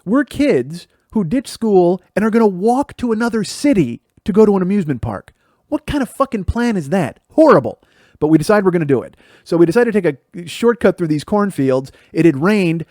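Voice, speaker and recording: A man in his forties from Illinois hosts his own show, spinning a profane family story. He acts out the voices of his mother and brother as he goes. His voice sits a little high and sounds close and dry, with no room behind it. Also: sing-song, fairly quick, mellow, dry recording. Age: 40s. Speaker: podcast host. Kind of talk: storytelling monologue.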